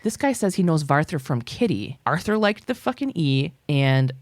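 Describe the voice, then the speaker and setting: A woman with a low voice talks through a TV episode in casual, sweary chat. Her pitch rises and falls a lot. The sound is close and dry, with little room around it. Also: normal speed, dry recording. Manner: sweary, deadpan recapping with laughs. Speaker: podcast co-host recapping a TV episode.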